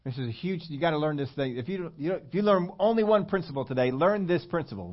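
Man, preacher, sermon, fairly high voice, acts out whiny questions, slow emphatic points, muffled lo-fi sound. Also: animated. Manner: acts out whiny complaining questions, then drops low and emphatic. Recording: dull lo-fi sermon recording.

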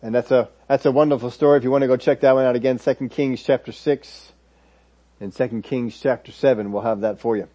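A man's voice: medium pitch, fairly even intonation, a little fast, mellow. A man preaching a sermon, retelling Bible stories and voicing the people in them. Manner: storytelling, acts out biblical figures' words. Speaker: pastor. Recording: dull lo-fi audio.

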